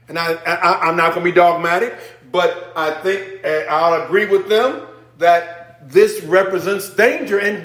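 A man preaching a sermon in church. He swings between hushed asides and near-shouted emphasis, with casual remarks to the congregation. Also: high voice. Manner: informal, conversational asides with the congregation. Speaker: pastor. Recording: echoey church room.

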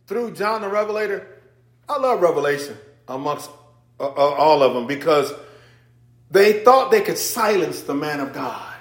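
A man preaching a sermon in church. He swings between hushed asides and near-shouted emphasis, with casual remarks to the congregation. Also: a little high. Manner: informal, conversational asides with the congregation. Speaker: pastor. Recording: echoey church room.

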